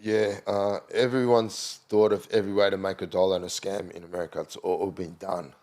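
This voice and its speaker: Low-voiced Australian man telling stories. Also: little pitch movement, a little fast, a little mellow. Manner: rambling anecdotal storytelling with many fillers. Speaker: guest. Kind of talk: casual chat.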